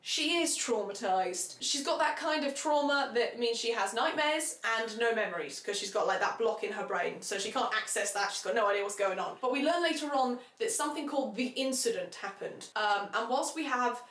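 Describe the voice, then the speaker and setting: A sarcastic woman tears through a book plot in a comedic recap, tossing off asides as she goes. Her voice sits a little high and rings in an echoey room. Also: moderate pace, hardly any pauses. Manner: sarcastic, animated storytelling with asides. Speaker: book reviewer.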